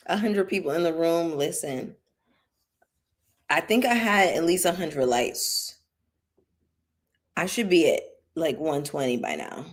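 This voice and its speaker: A woman's voice: deep voice, a little slow, long pauses. A woman hosting a casual commentary livestream. She is tipsy and swears heavily in a blunt, heated way. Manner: heavy cursing, blunt and heated. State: tipsy from drinking bubbly. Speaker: channel host.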